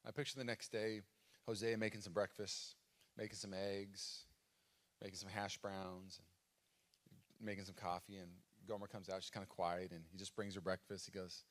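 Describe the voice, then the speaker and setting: A man's voice: sits low, level tone, normal speed, fairly bright tone. A man preaching a sermon as pastor at a live church service, telling a story in a casual way with fillers.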